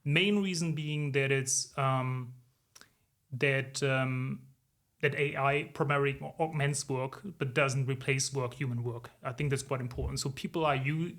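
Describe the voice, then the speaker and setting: Steady and fairly bright in tone, this mid-range voice belongs to a consultant in his forties appearing as a podcast guest. He responds thoughtfully and deliberately, frequently using "um" and "if you will."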